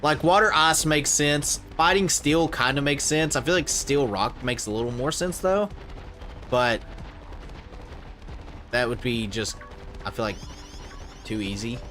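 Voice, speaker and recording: A man chatting casually on a game stream, thinking aloud with lots of fillers and letting his phrases trail off quietly. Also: mid-range voice, animated, measured pace, long pauses, soft background music. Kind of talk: casual gaming livestream chat.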